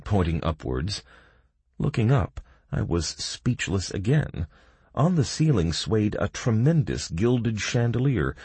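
A young man tells a fantasy adventure in the first person, brisk and wry. His voice is low and a little husky, with lively rises and falls. The recording is dry and close. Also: no room sound. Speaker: narrator. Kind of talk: audiobook narration.

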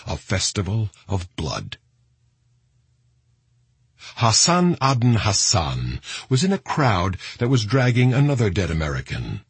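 A man narrating an audiobook in a grave, expressive reading. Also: fairly low pitch, husky, no echo.

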